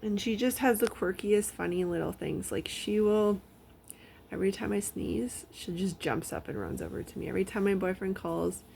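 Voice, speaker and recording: Gravelly-voiced woman chatting casually. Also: mid-range voice, normal speed, slight background noise. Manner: rambling, frequent fillers, drops into soft whispers. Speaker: vlogger. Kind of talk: casual personal storytelling. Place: at home with her dog.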